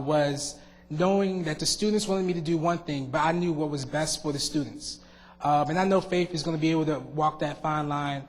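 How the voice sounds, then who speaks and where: A young adult man with a fairly high voice delivers a heartfelt farewell speech as a student board member in a school board meeting room. He halts often, filling gaps with "um"s and restarting sentences, while the hall's long reverb trails after each phrase.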